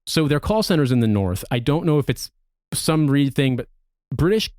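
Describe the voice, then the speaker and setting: A man's voice: medium pitch, sing-song, moderate pace, a little mellow, dry recording, studio quality. An American man, a podcast co-host, ranting in casual chat with plenty of profanity. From United States.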